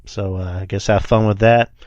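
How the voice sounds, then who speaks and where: Low, smooth-voiced man hosting casually. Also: fairly even intonation, darkish tone, no room sound, muffled recording. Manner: halting, many fillers and restarts. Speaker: podcast host. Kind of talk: casual Q&A chat.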